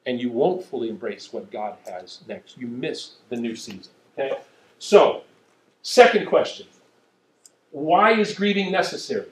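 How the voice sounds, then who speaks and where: A middle-aged man preaching a sermon, telling stories in an animated, self-mocking way. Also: mid-range voice, measured pace, reverberant, poor audio. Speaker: pastor.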